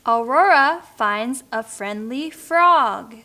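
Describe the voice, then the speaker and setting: Woman, high lively voice, very slow careful reading, teacher, picture book for beginners. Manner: slow, clear, with playful animal sounds. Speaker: English teacher reading aloud.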